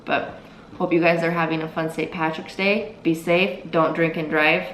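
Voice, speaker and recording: A woman's voice: sits low, little pitch movement, normal speed, fairly bright tone. A woman co-hosting a casual vlog, talking earnestly and reassuringly to her viewers and often repeating herself. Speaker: co-host of a couple's channel. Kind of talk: casual chat to camera. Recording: roomy with faint noise.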